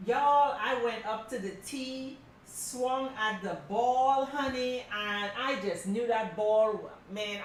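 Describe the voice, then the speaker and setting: A middle-aged woman teaching a crafting class, telling stories in a casual, animated way and calling her students y'all. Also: fairly high pitch, a little hiss or hum. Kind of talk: casual class talk, storytelling. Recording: very echoey room from a distance.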